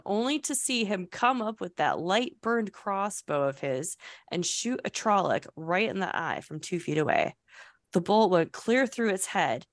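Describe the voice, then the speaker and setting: Woman podcast co-host, casual book recap, unhurried delivery, dry close sound, laughing asides. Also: mid-range voice, no room sound. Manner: reads passages aloud with laughing asides.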